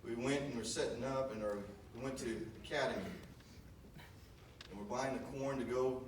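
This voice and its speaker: A man's voice: medium pitch, steady tone, moderate pace. Man telling a folksy eulogy story. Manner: folksy, rambling, with many fillers. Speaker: son giving a memorial eulogy. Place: church memorial service. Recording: echoey room from far off, noisy.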